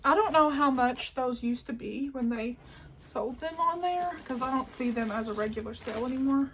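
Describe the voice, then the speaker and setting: Her voice is high and a bit bright, moving at a moderate pace over slight background noise. A Southern country-accented crafting vlogger, she's indoors at home showing off yarn in a rambling, filler-heavy way, with "like" everywhere and some asides dropped to almost a whisper.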